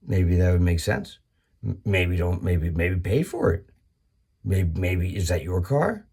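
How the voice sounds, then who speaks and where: A man with a low, gravelly voice riffs through a comedy monologue. He rambles and restarts, swears freely and jumps up into sudden high-pitched outbursts. His tone is dark and husky. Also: lively intonation, a little slow.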